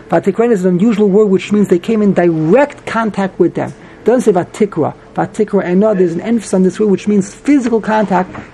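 A man giving a Talmud class, reading Hebrew phrases and explaining them quickly in English with many restarts. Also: high-pitched, mellow, slight background noise, rough recording. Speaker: Talmud teacher.

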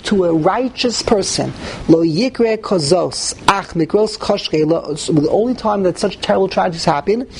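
A man's voice: high-pitched, darkish tone, slight background noise, rough recording. A man teaching a text-study class, reading passages aloud and translating them as he thinks aloud. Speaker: Torah teacher.

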